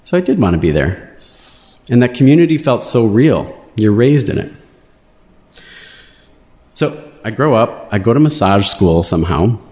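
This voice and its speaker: A man's voice: lowish voice, normal speed, pauses often. Wry male storyteller in an echoing hall. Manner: wry, animated, playing quotes in raised voices. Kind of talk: live personal storytelling. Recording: roomy hall reverb.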